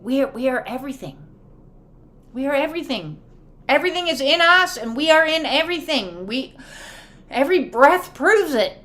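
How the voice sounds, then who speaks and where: Woman with a high voice, frank card reader, swears casually, reads for viewers live. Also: animated, normal speed, pushed and bright. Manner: casual, emphatic, swears freely; acts out quoted voices. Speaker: oracle and tarot card reader. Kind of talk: live spiritual card reading, answering viewers.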